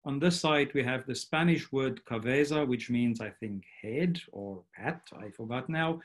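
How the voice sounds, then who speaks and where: A man's voice: medium pitch, measured pace. A man giving an academic lecture as a guest speaker at an online workshop, explaining each step and often checking in with "right?".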